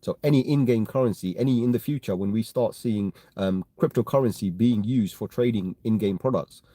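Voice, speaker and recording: A man's voice: on the low side, warm tone, no echo. A man with a London accent chatting casually on a live stream, answering viewer comments in a rambling way and often tagging on "right?" and "you know what I mean". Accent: London English. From London, England. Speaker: crypto live-stream host.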